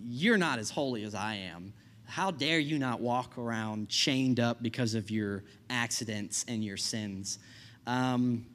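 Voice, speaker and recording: A young man preaching a sermon in a casual, conversational way, often checking in with "right?" and laughing at his own stories. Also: medium pitch.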